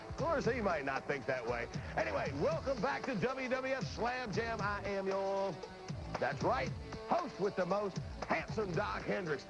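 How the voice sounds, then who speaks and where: A man hosting a wrestling TV show, pitching a live event in an upbeat, salesy way. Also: low-quality recording. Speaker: TV show host. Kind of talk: energetic event promotion.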